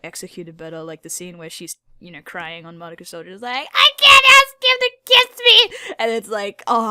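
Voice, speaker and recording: A woman hosting a casual video, rambling excitedly about anime characters, swearing a lot and using many fillers. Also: mid-range voice, clean tone, no room sound, studio quality. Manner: filler-heavy. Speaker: video host.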